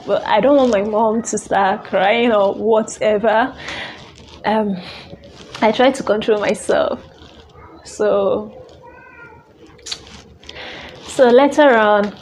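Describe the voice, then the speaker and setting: Slow, halting woman. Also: mid-range voice, steady tone, a little mellow, a little hiss or hum. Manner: halting, emotional, with many restarts. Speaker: vlogger. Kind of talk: personal storytelling.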